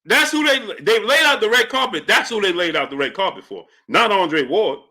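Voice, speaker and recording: A man hosts a live stream in a bright, forceful voice pitched a little high. He talks casually and emphatically, hammering his points with repetition and calling out to his viewers. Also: expressive, moderate pace. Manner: emphatic, repeats himself, greets viewers.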